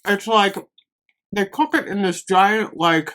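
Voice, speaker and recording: A woman vlogger chatting casually through a shopping haul, gushing and rambling, easily excited. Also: medium pitch, slow pace, clean tone. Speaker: beauty and lifestyle vlogger. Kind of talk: casual haul vlog chat.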